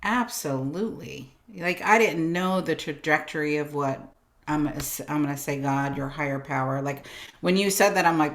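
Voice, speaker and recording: A woman guest on a podcast interview, telling her story in an animated way, acting out her own thoughts and swinging between quiet and loud. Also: low voice, moderate pace. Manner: animated, acts out voices of herself and God, swings loud and soft. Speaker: guest, business coach.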